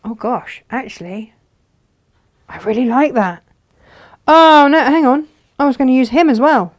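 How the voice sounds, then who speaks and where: Slow, chatty woman demonstrating crafts. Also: high-pitched, animated. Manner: chatty, thinking aloud while working. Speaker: textile craft host.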